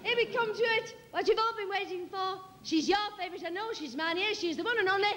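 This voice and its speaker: A woman comedian on a theatre stage, introducing her impressions with brisk, mock-grand showbiz patter. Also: very high voice, a bit bright, long reverb tail. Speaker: comedian performing a one-woman show. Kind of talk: live stand-up with impressions.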